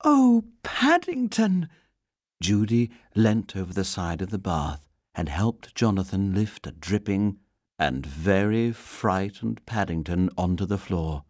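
A man reading a children's story aloud as narrator, gentle and expressive. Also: low voice, measured pace, no echo, studio quality.

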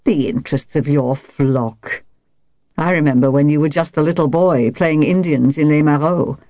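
A woman's voice: deep voice, normal speed, dark tone, dry recording, dull audio, close to an everyday voice. A woman voicing a sly, malicious old village woman who teases lazily. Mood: mocking. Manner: malicious, lazy teasing.

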